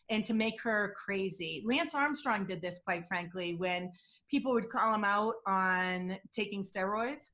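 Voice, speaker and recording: A woman talks as a guest expert in an interview, lively and animated. She swings her pitch up and down as she acts out the voices she quotes. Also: a little slow. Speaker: guest expert on lie detection.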